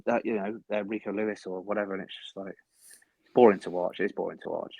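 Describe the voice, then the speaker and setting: A man co-hosting a casual football podcast, talking quickly and rambling with many restarts. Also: low voice, fairly even intonation, creaky, darkish tone, dry recording, highs cut off. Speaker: podcast co-host. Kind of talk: casual chat. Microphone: home video call.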